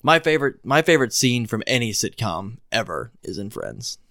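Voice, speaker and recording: A man's voice: medium pitch, big pitch swings, normal speed, pushed and bright, no echo, clean studio sound. Playful man in casual chat. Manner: enthusiastic, playful storytelling. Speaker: podcast co-host.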